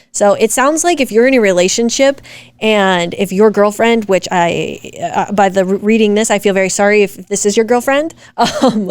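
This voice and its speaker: A woman's voice: mid-range voice, darkish tone, clean tone, dry recording. A woman co-hosting a casual chat, reacting to comments in a blunt, fired-up way and swearing freely. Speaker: podcast co-host.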